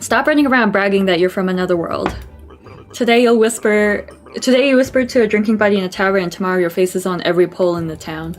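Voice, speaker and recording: Blunt talking skull man from a game, read plainly by a woman; mid pitch, faint music behind. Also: quick pace, close to an everyday voice. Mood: blunt advice. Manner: reads game dialogue aloud plainly.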